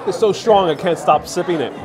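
A man's voice: high voice, fairly quick. A man from the United States live-streaming from inside a busy restaurant, chatting playfully with viewers as he tastes food and drink. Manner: playful, chatty, addresses viewers as ladies and gentlemen. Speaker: travel vlogger live-streaming. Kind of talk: casual live-stream chat. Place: indoor restaurant, public space. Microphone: phone held at arm's length. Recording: busy crowd chatter behind. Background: crowd chatter.

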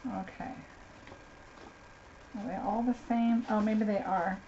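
A woman's voice: mid-range voice, steady tone, slow pace, warm tone. A woman doing a chatty live unboxing, gushing over each craft item and talking to viewers by name. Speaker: craft demonstrator. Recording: slightly dull lo-fi sound, faint noise.

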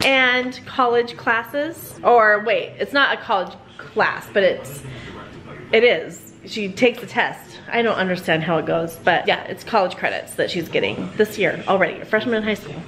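Chatty, proud vlogger mom. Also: female voice, medium pitch, expressive, normal speed, fairly bright tone. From Seattle area, USA. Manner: chatty, proud, laughing often. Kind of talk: casual family vlog chat.

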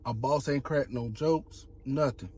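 A man telling a comic story on a couple's vlog, animated and laughing, slipping into slang and acting out other voices. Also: mid-range voice, unhurried, breathy edge. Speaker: couple vlogger.

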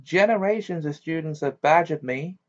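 A man's voice: fairly high pitch, normal speed, voice pushed up, lightly acted. A man reading the lines of a proud, bitter female ghost in an amateur audiobook, with a stiff, clipped delivery. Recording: dull lo-fi recording.

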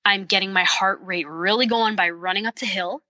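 A woman's voice: mid-range voice, moderate pace, pushed and bright, dry recording, highs cut off. A woman bowhunter on a podcast, explaining fitness tips step by step with practical enthusiasm. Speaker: guest, bowhunter and fitness coach.

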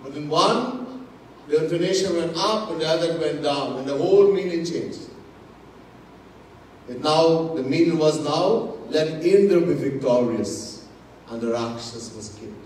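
A man with a Trinidadian accent preaches slowly from a little way off the mic, his voice sitting a touch high for a man. The temple hall throws back a strong echo, and faint ambient noise hangs under his words. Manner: slow, emphatic teaching, mixing Hindi and Sanskrit terms, repeating key words. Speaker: swami giving a Gita discourse. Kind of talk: sermon. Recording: distant mic in an echoey hall.

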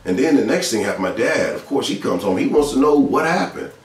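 A man's voice: medium pitch, lively intonation, a little fast. A man from Georgia, earnestly telling a spiritual testimony in a casual, storytelling way that repeats its phrases. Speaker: speaker sharing testimony. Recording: echoey room with faint music, mic at a distance.

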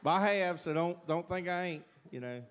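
Southern man, middle-aged, church testimony, rambling folksy talk, somewhat high voice. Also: normal speed, fairly bright tone, smooth. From South Carolina, USA. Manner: rambling, folksy, many fillers and restarts. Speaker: church speaker giving testimony. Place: church sanctuary.

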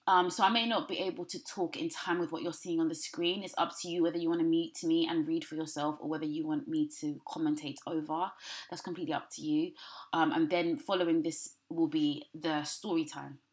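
A woman's voice: low-pitched, little pitch movement, a little fast. A young British woman vlogger rambling through a story-time commentary, with many fillers and blunt, sarcastic asides. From United Kingdom. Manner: rambling, many ums and restarts.

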